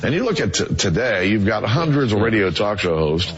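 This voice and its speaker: A man answering interview questions in a halting way, with many fillers, in a clip played on the radio. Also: lowish voice, very animated, breathy edge. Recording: dull lo-fi clip played on air.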